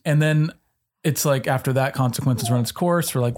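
A man co-hosting a faith podcast, talking through a question about parenting in an earnest, measured way, thinking aloud with restarts. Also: medium pitch, darkish tone. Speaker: podcast co-host. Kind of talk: conversational discussion.

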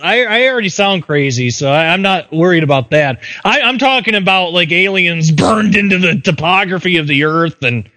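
A man's voice: high-pitched, lively intonation, sharp tone. A man co-hosting a podcast, teasing the others playfully in casual banter. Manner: playful teasing, quick laughs. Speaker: podcast co-host.

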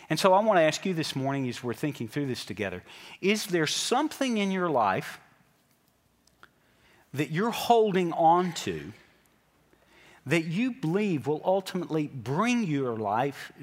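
A pastor preaching a sermon in a church, talking in an animated way and putting direct questions to his congregation. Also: a little high. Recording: long hall reverb.

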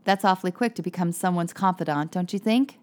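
A blunt, probing policewoman, read by a woman narrator in an audiobook. She asks pointed questions in a firm, steady voice. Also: fairly low pitch, fast, lightly acted. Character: blunt, probing adult female police officer.

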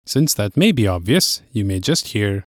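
Male lesson host, low-ish voice, dry studio read, patient and clear. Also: no room sound. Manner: clear, steady explaining, slows on key phrases. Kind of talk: language lesson presenting.

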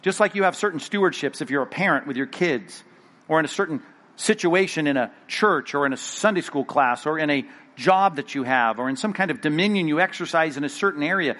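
Middle-aged male pastor, slightly high voice, animated conversational sermon delivery. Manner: animated, conversational preaching with acted asides.

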